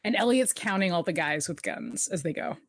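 A woman co-hosting a laid-back recap chat, her voice sitting slightly low. She laughs often and slips into lively quoted character lines as she retells the plot. The sound is dry and close, with no room around it. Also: brisk, husky, no echo. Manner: chatty, laughs often, animated quoting of characters. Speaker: podcast co-host recapping a TV episode. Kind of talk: casual chat.

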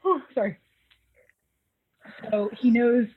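A woman co-hosting a podcast, casually recapping an episode in an animated way with laughter. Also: fairly high pitch, slow, slight background noise. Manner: animated, laughing, acts out quoted lines. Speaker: podcast co-host. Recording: tinny phone-like dry sound.

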